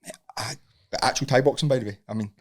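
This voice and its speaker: A middle-aged Scottish man, a guest on a casual podcast, telling animated stories with plenty of swearing. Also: mid-range voice, fast, husky. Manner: animated storytelling, heavy swearing. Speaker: guest, Muay Thai coach.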